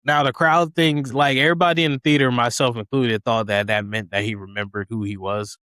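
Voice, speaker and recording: A man's voice: mid-range voice, brisk, no echo, clean studio sound. A man on a podcast casually recapping a film's plot, animatedly acting out what the characters say. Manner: animated retelling, acts out quoted characters. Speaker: podcast co-host.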